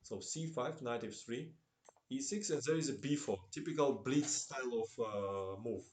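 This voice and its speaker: A man's voice: medium pitch, moderate pace, darkish tone, a little hiss or hum. Man, Russian-tinged accent, broken English, live chess commentary, laughs often, roomy echo. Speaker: chess streamer. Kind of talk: live-stream chess commentary, chatting with viewers.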